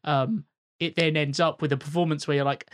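A man with a slightly high voice in a casual podcast chat. He speaks thoughtfully and wonders aloud as he makes his points. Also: fairly even intonation, a little fast. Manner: thoughtful, speculative.

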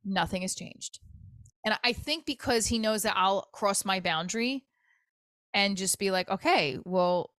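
A woman's voice: medium pitch, measured pace, a bit bright, no room sound. A middle-aged woman hosting her own comedy podcast, venting in a candid, profane, exasperated storytelling manner.

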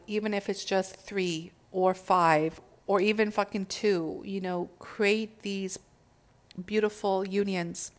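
A woman giving a casual spiritual talk to her followers, urging and swearing freely as she speaks. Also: mid-range voice. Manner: profane, exhortative, laughs at own words.

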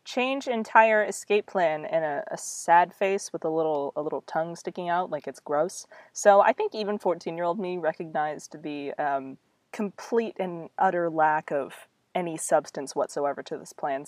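Young woman, low-ish voice, reads her old novel with wry side comments, dry close sound. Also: no room sound. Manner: wry, self-mocking asides. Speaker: author reading her old story. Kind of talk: reading aloud with casual commentary.

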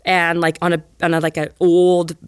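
A woman guest on a podcast, telling a story with lots of "like" and acting out the people in it in higher voices. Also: moderate pace, smooth, dry recording, clean studio sound. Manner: lively storyteller, heavy use of "like". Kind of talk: animated anecdote in podcast interview.

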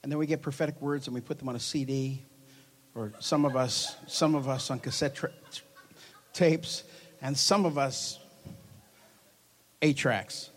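A man preaching a charismatic sermon to a congregation, animated and joking, his loudness swinging from soft asides to loud bursts. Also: medium pitch, measured pace, pauses often. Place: church hall before a congregation.

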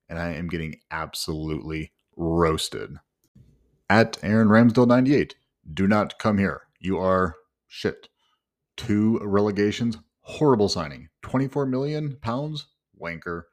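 A man from England telling his own story in the first person, wry and self-mocking. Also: low voice.

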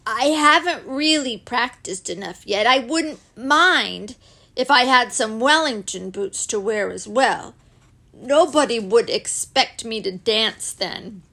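A woman voicing a shy, polite male teddy bear who speaks slowly and earnestly, with a gravelly voice. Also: on the high side, lively intonation, pushed and bright, heavily acted. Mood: timid, earnest. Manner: slow, timid and earnest.

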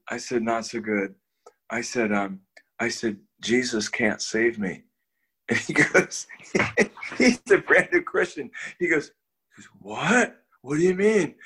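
An older man telling a personal story as an interview guest, his voice sitting at an ordinary, middle pitch. He talks in a lively, animated way, stumbling over repeated words and restarts, with little chuckles along the way. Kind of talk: casual storytelling.

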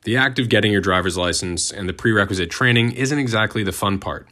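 A man's voice: on the low side, fast talker, bright, forceful tone. A young man, the host, reading a scripted narration with wry, sardonic asides. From United States.

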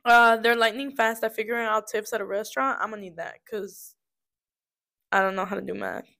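A woman's voice: on the high side, little pitch movement, fairly quick, bright, forceful tone. A young woman co-hosting a casual chat, talking and giggling while she eats snacks. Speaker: co-host.

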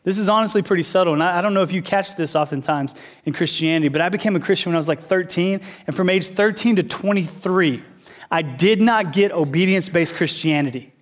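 A man in his thirties preaching a sermon, an animated storyteller who repeats phrases for emphasis. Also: high-pitched, fast. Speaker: pastor teaching a series.

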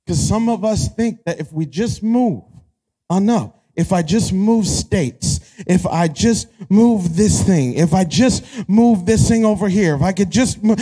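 High-voiced preaching man, animated. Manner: animated, shouting peaks, acts out quotes. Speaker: pastor. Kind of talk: energetic sermon.

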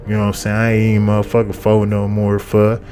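Male podcast host, low dark voice, swears constantly and rambles, faint music behind. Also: completely flat delivery, fast talker. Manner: profane, rambling, repeats phrases. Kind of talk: casual comedic monologue.

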